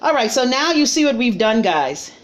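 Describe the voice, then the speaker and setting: A woman's voice: a little high, sing-song, normal speed. A middle-aged woman from the Bahamas with a Bahamian accent, hosting a casual live stream and reading viewer comments in a blunt, sassy, chatty way.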